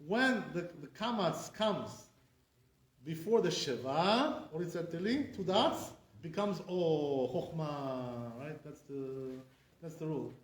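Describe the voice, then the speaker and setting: This rabbi's voice is a little high, with lively intonation and an unhurried pace. He teaches an informal class before a live audience, often asking "right?" and acting out wrong and right pronunciations. The room is echoey and he's recorded from a distance.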